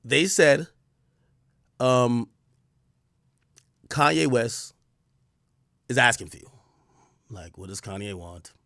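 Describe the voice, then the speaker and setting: A man hosting a live stream, telling a story in animated casual talk with swearing and laughter. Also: mid-range voice, takes it slowly, gravelly, long pauses, dry recording, clean studio sound.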